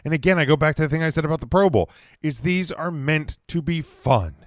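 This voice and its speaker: A man's voice: a little high, animated, a little fast, no echo, clean studio sound. A man hosting a casual solo sports podcast, rambling with lots of fillers and growing emphatic, his throat slightly scratchy. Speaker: podcast host.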